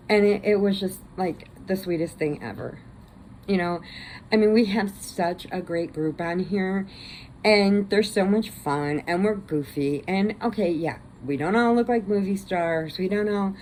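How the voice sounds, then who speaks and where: A woman's voice: medium pitch, darkish tone, slight background noise, poor audio. A woman hosting a crochet vlog, chatting casually in a rambling, laughing and teary way. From Illinois, US. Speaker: crochet channel host. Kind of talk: casual chat.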